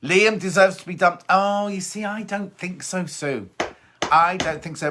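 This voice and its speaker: A man's voice: high-pitched, fairly even intonation, measured pace, sharp tone, slight background noise. A middle-aged man presenting a sewing show, reading out viewer comments and chatting about them in a gossipy, teasing way. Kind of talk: casual live chat reading viewer comments.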